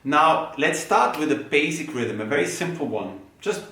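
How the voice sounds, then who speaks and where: A man's voice: a little high, animated, moderate pace, fairly bright tone. A man giving a rhythm lesson, patiently explaining step by step and chanting rhythm syllables in time. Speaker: rhythm teacher. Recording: very echoey room, mic far off.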